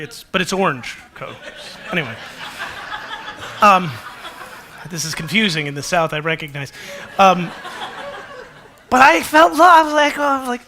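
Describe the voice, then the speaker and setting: A male pastor delivers a sermon in a high, bright voice. He talks to the congregation in a loose, conversational way and is quick to joke at his own expense. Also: a little hiss or hum. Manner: conversational and animated, with self-deprecating humor.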